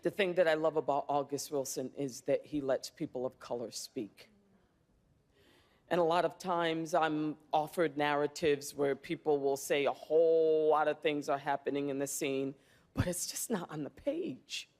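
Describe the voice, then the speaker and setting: A woman in her fifties answering reporters' questions in a press room, earnest and reflective, pausing often to think. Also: deep voice, a little mellow. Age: 50s. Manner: reflective, earnest, with thoughtful pauses and fillers. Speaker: award-winning actress answering press.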